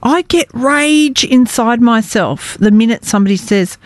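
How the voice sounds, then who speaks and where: A woman hosting a community radio show, animated and quick to jump into the conversation. She has a mid-range voice and a dry, close studio sound. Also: on the high side, dry recording. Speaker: radio co-host. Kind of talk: casual radio chat.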